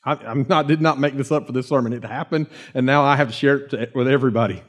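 A middle-aged man preaching a conversational, animated sermon, slowing to hushed readings of scripture. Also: medium pitch. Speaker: pastor.

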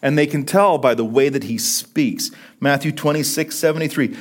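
A man preaching a sermon, swinging from loud emphatic peaks down to hushed, low lines. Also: animated, moderate pace. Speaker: pastor.

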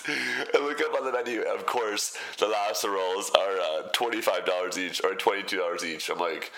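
A man's voice: fairly low pitch, moderate pace, vocal fry, pushed and bright. A young man narrating a casual food vlog, chatty and laid-back, who laughs often. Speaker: food vlogger.

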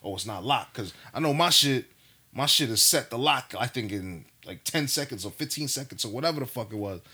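A young man telling a story in casual chat, his voice lively and swooping up and down as he acts out quotes. His tone is bright and a bit husky, and his talk is loose and full of swearing. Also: medium pitch, brisk.

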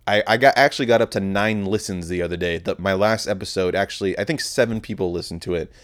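A man's voice: low-pitched, fast. A young man in his twenties hosting a podcast, telling a rambling, profane, self-deprecating story about a night out. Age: 20s. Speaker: podcast host. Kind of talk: casual storytelling monologue.

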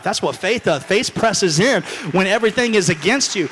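Male pastor from Alabama, high and bright, bold preaching delivery, long church-hall reverb. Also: lively intonation, moderate pace, few pauses, breathy edge. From Alabama, USA. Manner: bold preaching, swings from shouting to quiet asides. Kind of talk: sermon.

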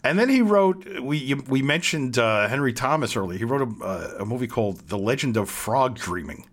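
A man's voice: medium pitch, expressive, brisk. A man co-hosting a casual movie chat, sharing trivia with enthusiasm. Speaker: podcast co-host.

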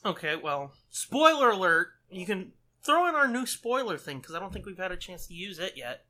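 A man's voice: high voice, big pitch swings, moderate pace, sharp tone. A man co-hosting a movie commentary, telling rambling, profane stories in casual chat. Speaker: podcast co-host.

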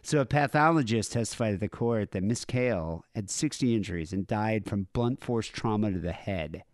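A man's voice: fairly low pitch, lively intonation, moderate pace, no echo, clean studio sound. A man co-hosting a podcast, casually reading out news stories with wry asides and fillers. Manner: wry, laid-back storytelling with frequent fillers. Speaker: podcast co-host.

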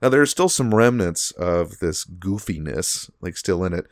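This podcast co-host has a low voice with lively intonation at normal speed, captured in a dry, clean studio recording. His casual talk rambles, full of fillers and restarts.

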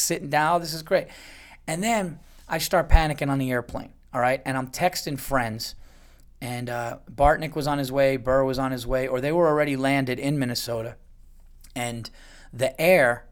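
A man's voice: mid-range voice, fairly bright tone. A man hosting a podcast and telling a rambling, profane comic story, full of fillers and restarts. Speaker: podcast host.

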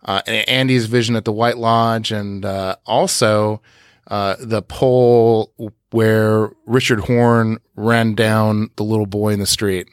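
A man's voice: on the low side, little pitch movement, slow pace, clean tone, no room sound, studio quality. A man hosting a podcast, recapping scenes in detail in a casual way, with frequent "uh" fillers. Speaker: podcast host.

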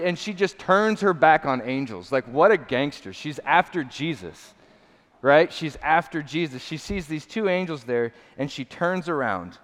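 A man's voice: a little high, expressive, a little slow, a bit bright. A man preaching a sermon as a pastor, earnest and emphatic, often repeating phrases. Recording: long hall reverb.

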